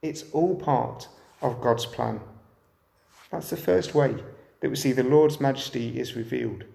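A man's voice: medium pitch, unhurried, gravelly, warm tone, roomy sound. A man preaching a sermon, often turning to the listeners with rhetorical questions.

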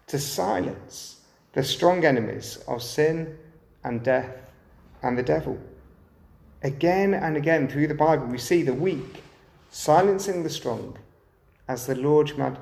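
A man's voice: a little high, animated, measured pace, vocal fry, a little mellow, reverberant. A man preaching a sermon, often turning to the listeners with rhetorical questions.

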